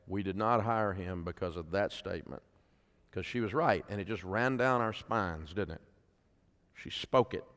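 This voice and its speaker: A middle-aged man speaks to a conference crowd in a folksy storytelling manner, often turning to the audience with questions. His pitch is mid-range for a man. The sound carries a long reverb from a big hall. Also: a bit bright, clean tone. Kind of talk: speech to an audience.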